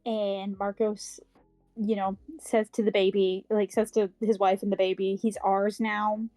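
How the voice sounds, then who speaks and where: Her mid-range voice is mellow and shows little pitch movement as this podcast co-host recaps a novel for a casual book club chat. She rambles with fillers and an occasional swear word, quickly acting out characters' dialogue. The recording is dry and poor in quality, with faint music in the background.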